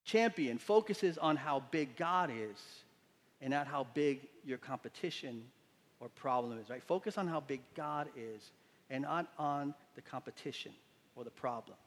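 Animated pastor preaching in a reverberant church. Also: male voice, mid-range voice, a little slow. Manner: animated storytelling, acts out quotes with voices. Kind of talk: sermon. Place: church sanctuary.

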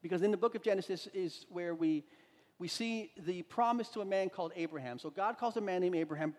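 A man with a high, light voice preaches a sermon, telling the story like a chat and often restarting his sentences. His voice rings out with a long reverb trailing behind it, as if he were in a big hall. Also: a little fast, darkish tone. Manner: conversational storytelling with frequent restarts.

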